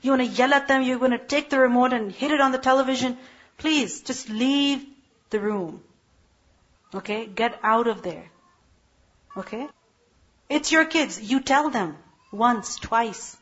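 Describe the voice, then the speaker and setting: A woman's voice: a little high, husky, highs cut off. A woman teaching an Islamic lecture in an earnest, emphatic way, often asking her listeners questions. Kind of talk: religious lecture.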